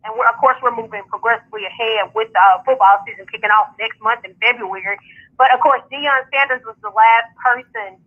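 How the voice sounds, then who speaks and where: A woman's voice: fairly high pitch, steady tone, fairly quick, breathy edge. A woman calling in to a radio show, chatting casually and upbeat about her sports media work. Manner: upbeat, talks in long runs with fillers. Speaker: founder and host of a sports media outlet, radio guest. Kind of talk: casual radio call-in chat. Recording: phone line call-in.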